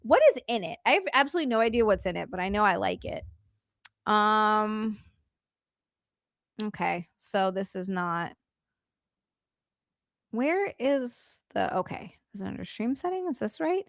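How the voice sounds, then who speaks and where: A woman's voice: medium pitch, expressive, unhurried, gravelly, pauses often, no room sound, clean studio sound. A woman hosting a casual livestream, chatting with her chat and effusively thanking viewers, giggly and bubbly. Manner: bubbly and effusive, giggly, chatty asides while navigating settings. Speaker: livestream host.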